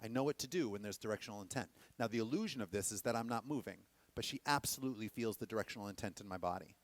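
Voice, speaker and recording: Animated man teaching a dance class. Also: fairly low pitch, rapid-fire. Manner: animated, checks in with the class often. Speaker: dance instructor. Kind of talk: teaching a workshop.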